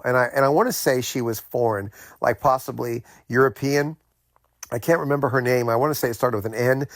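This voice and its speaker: A man's voice: medium pitch, no room sound. A middle-aged man from the United States telling a personal story in a casual, rambling way, with many fillers and restarts.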